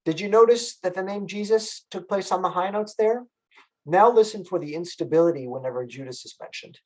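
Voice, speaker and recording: A man's voice: sits high, brisk, darkish tone, poor audio. Man giving a lecture on music. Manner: explanatory, asks the audience questions. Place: library event.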